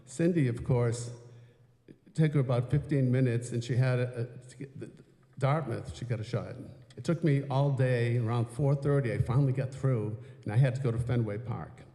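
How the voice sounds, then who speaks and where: A man's voice: mid-range voice, mellow. An older American man tells a rambling story onstage between songs at a concert in a church sanctuary, chatty and meandering with many fillers. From United States. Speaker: folk performer telling stories between songs. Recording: roomy live sound in a hall.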